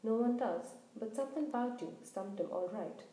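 A woman voicing a big, gruff, kindly male half-giant gamekeeper who talks loudly in a rustic dialect, in a storybook reading. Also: fairly high pitch, moderate pace, lightly acted. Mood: confiding. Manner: loud, blustering rural dialect. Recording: roomy echo.

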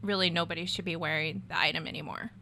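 A woman's voice: lowish voice, fairly even intonation, fast talker, creaky, sharp tone, a little hiss or hum. A woman appearing as a guest on a local radio show, upbeat as she promotes a charity thrift shop.

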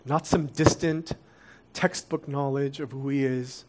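A young adult man preaching a sermon, earnest and confessional, dropping soft and then rising to emphatic peaks. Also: mid-range voice, steady tone, a little slow, slight background noise.

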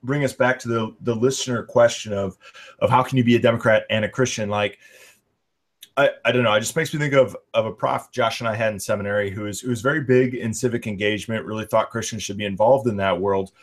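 A man's voice: fairly low pitch, fairly even intonation, quick pace. Casual-talking man co-hosting a discussion. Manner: conversational, many fillers and restarts. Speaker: podcast co-host.

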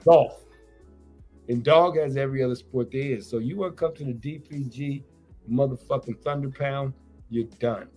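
This man appears on a radio show, loosely boasting about fights and bets in rambling, profane slang. He has a warm, medium-pitched voice at a moderate pace, set against soft background music.

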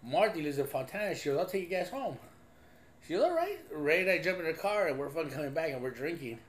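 A man's voice: on the high side, quick pace. A man hosting a podcast, telling loose, profane stories in casual chat with frequent laughter. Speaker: podcast host.

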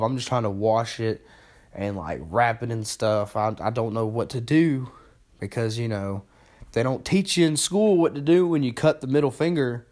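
A man's voice: mid-range voice, a little mellow. A young man hosting a podcast, telling a story in a casual, profane, self-mocking way that rambles along. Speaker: podcast host.

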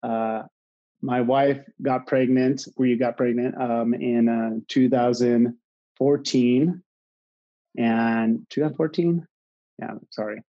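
A man's voice: medium pitch, highs cut off. A man in his thirties, a college sports coach, telling a personal story to a live audience with many fillers and restarts. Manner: halting, many fillers and restarts, grows animated. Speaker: college water polo coach.

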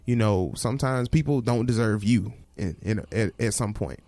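A man's voice: lowish voice, moderate pace, dark tone, no room sound. A man hosting a podcast, talking bluntly and frankly in casual slang. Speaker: podcast host.

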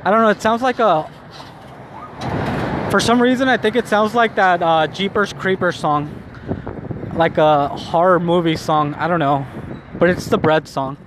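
A man's voice: high-pitched, unhurried, pauses often. Rambling young man on a noisy street. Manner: rambling, heavy use of "like". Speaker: vlogger. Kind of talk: casual walking vlog monologue. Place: outdoors on city streets. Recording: phone recording with clear street noise. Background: street traffic and city noise.

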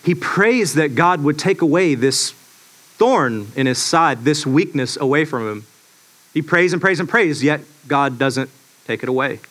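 A man preaching a sermon in a relaxed, storytelling way, full of fillers and restarts. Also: on the high side, measured pace. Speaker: pastor.

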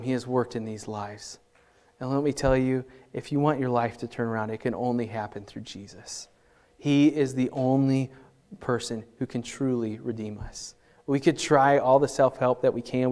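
Male pastor preaching in church, earnest, gets loud on scripture then goes soft and quiet, middle-pitched voice. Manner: earnest, rises for scripture and drops soft for appeals. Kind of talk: sermon. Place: church service.

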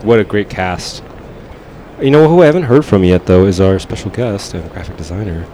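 Low-voiced man hosting a sarcastic chat. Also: fairly quick, warm tone, a little hiss or hum. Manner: teasing, sarcastic banter. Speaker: podcast host. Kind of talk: casual movie review chat.

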